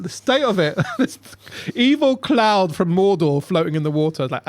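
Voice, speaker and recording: A man's voice: a little high, brisk, no room sound. A man, a comedian, telling funny stories in a casual chat and jumping into voices for the punchlines. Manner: animated, jumps into voices for punchlines. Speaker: comedian guest. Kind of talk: casual chat, comic storytelling.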